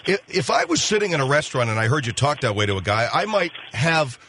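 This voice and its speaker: Male talk-radio host, wry interviewer, medium pitch, some hiss behind. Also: big pitch swings, quick pace, sharp tone. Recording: hissy broadcast recording.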